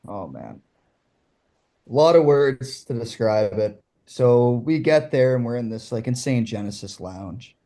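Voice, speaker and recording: A young man from Ontario, telling an animated story as a guest in casual chat. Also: medium pitch, a little slow. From Ontario, Canada. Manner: animated, excitable.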